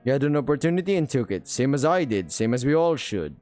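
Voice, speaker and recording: A man's voice: mid-range voice, sing-song, fast, darkish tone, soft background music, close to an everyday voice. A man voicing a cheerful, friendly dragon guy. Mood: upbeat. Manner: cheerful, reassuring, chatty. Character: friendly upbeat young male dragon.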